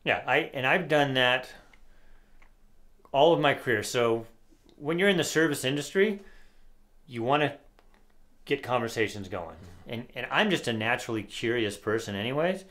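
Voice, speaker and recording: This middle-aged man co-hosts a casual political talk show, offering opinionated commentary and sarcastically reading lyrics aloud. His voice is medium-pitched and fairly bright, with lively intonation, normal speed, and frequent pauses.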